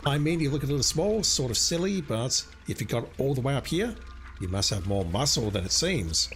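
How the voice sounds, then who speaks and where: A man's voice: medium pitch, sing-song, fairly quick, a bit bright, slight background noise, voice pushed up. A man voicing an exasperated cartographer in a game, reading the lines in a curt, condescending manner.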